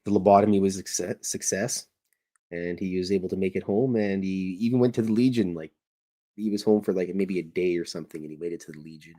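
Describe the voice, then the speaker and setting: A man's voice: low-pitched, steady tone, quick pace, dark tone. A middle-aged man from Canada who hosts a show, chatting casually while he draws cartoons, full of jokes and self-deprecating asides. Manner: joking, self-deprecating, meandering. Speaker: podcast host and cartoonist. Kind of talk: casual rambling chat while drawing.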